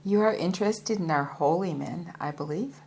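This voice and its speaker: A woman's voice: fairly low pitch, normal speed, gravelly, darkish tone, a little hiss or hum. A woman voicing a proud, hefty male yogi and former soldier who speaks formally and politely, calling his listener sir. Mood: earnest.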